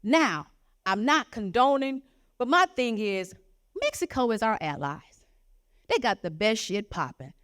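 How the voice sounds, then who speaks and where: Woman comedian, stand-up set, profane animated storytelling, fairly high voice. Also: measured pace.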